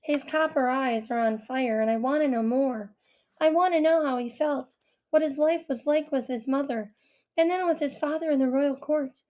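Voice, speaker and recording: A woman reads a first-person audiobook in a quiet, reflective way. Her voice sits a little higher than average. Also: moderate pace. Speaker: audiobook reader.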